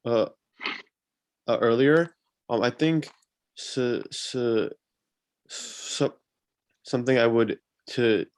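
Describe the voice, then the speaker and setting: A man's voice: mid-range voice, slow, pauses often, no echo. A young man on an online panel speaking with a heavy stutter, repeating sounds and using many fillers. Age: young adult.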